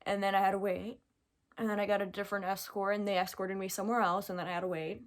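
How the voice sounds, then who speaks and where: At a quick pace, a young woman from the United States recounts a personal story directly to camera in an animated, chatty way, with casual fillers throughout. She speaks at a medium pitch, and it feels like an easy, unscripted vlog.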